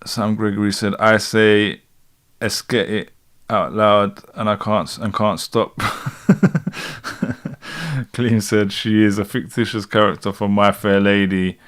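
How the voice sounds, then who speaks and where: Laid-back London man, low voice. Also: fairly even intonation, a little slow, a bit bright, clear, resonant tone. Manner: rambling, laid-back, laughs often, many fillers and restarts. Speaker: rapper and livestream host. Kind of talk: casual livestream chat reading comments.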